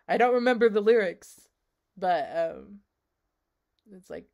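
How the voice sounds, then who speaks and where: A woman hosting a reaction video who talks in an earnest, rambling way, full of "like"s and trailing pauses. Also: medium pitch, lively intonation, vocal fry, a little mellow. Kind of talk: casual reaction commentary.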